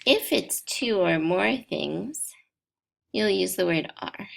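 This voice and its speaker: Woman teacher, patient step-by-step grammar explainer; slightly low voice with some fry. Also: expressive, slight background noise. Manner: slow, deliberate step-by-step explaining. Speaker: English teacher. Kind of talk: grammar lesson for learners.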